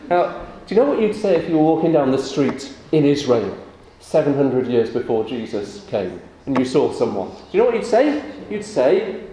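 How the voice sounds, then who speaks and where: A man leading a church service, praying and then giving a lively children's talk with questions. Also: a little high, normal speed. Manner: animated with children, rising and warm questions. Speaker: pastor. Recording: echoey church room with faint ambience.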